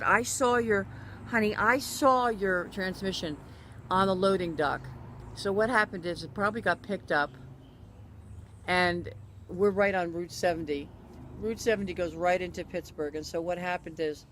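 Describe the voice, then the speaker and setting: A woman telling a personal story in a casual spoken way, animated and acting out what other people said, often restarting and correcting herself. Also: lowish voice, slight background noise. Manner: animated, acts out other people's quoted lines; frequent restarts and self-corrections.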